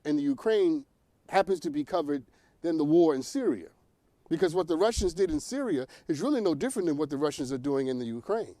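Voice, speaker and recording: A male talk show host from New York, delivering opinionated commentary in a fairly high voice. He speaks straight to his audience and breaks into laughter at his own points. The studio sound is dry and close. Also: warm tone, no room sound.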